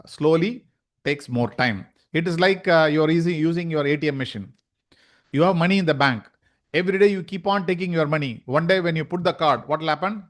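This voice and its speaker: Guy teaching a yoga class online, kinda high voice, lots of questions and repeats. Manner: explains with rhetorical questions and repetition. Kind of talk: online lecture.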